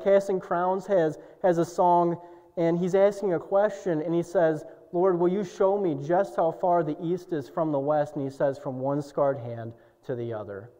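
A young man preaching a sermon, swinging from shouted climaxes to low, quiet passages. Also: fairly even intonation, normal speed. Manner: impassioned preaching, soaring to shouts and dropping low. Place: church sanctuary. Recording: dull recording with long church reverb.

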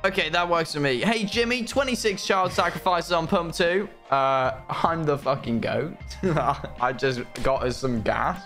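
A young man on a gaming stream, loud and teasing, throwing in jokey bits. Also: on the high side, measured pace, hardly any pauses, soft background music. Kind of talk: casual gaming stream banter.

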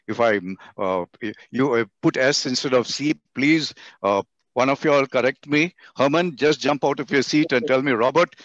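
A man with an Indian English accent lectures over a video call, and his voice climbs and drops sharply to act out examples. He talks at a mid pitch. The computer mic gives dry, slightly dull audio. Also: dry recording. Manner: expressive, swings his voice high and low to demonstrate. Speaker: guest speaker on communication. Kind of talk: webinar lecture.

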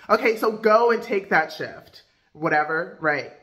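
A woman's voice: mid-range voice, takes it slowly, fairly bright tone. A woman life coach giving casual, chatty advice with lots of fillers. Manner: loose, filler-heavy, chatty.

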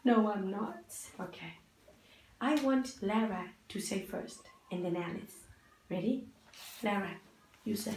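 A young woman leads a children's English lesson at an unhurried pace. She is patient and encouraging throughout. Her voice comes over a video call from a roomy, echoing space with a faint hiss behind it. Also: mid-range voice, darkish tone. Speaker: English teacher. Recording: echoey room, faint noise.

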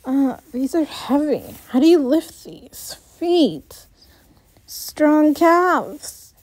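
A woman's voice: high voice, lively intonation, extremely slow, a little mellow, dry recording, full character voice. A woman voicing a playful young man who jokes with a friend in a storybook reading. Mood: teasing. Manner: joking, lightly teasing.

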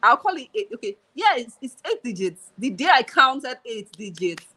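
A woman's voice: fairly high pitch, big pitch swings, moderate pace, sharp tone, low-quality recording. A woman from Nigeria in her thirties, speaking as an interview guest in casual conversation, repeating her phrases for emphasis.

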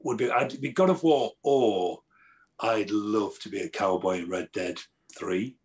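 A middle-aged man, an actor, chatting casually as an interview guest and telling stories lively, acting out the people he quotes. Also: lowish voice, a little slow. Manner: animated storyteller, acts out quoted exchanges.

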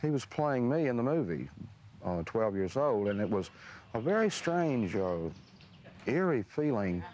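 A middle-aged man, telling memories slowly in an interview, pausing with uh and restarting his sentences. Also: medium pitch, sing-song, a little mellow, slight background noise. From Mississippi, US. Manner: slow, musing, with frequent uh and restarts. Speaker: author interviewed. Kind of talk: reflective storytelling interview.

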